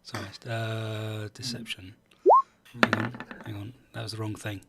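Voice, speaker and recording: A man's voice: lowish voice, flat delivery, a little slow, creaky, heavy background noise. A man playing a tabletop game, talking hesitantly and stammering as he plays. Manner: hesitant, stammering, self-deprecating. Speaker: player.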